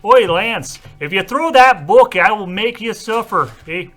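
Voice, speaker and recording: A man's voice: high-pitched, animated, unhurried, faint music behind, voice pushed up. A man doing a mock-Canadian hothead. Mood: threatening politely. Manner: threats softened with polite asides. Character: hot-tempered but polite Canadian man. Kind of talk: comedic read-aloud of fan fiction.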